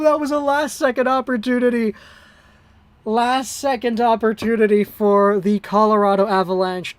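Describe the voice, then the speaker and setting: This amateur streamer hosts a hockey livestream, calling the action excitedly and breathlessly while keeping a normal, smooth speed. The pitch is ordinary and mid-range, and the recording is close and dry, free of any room sound.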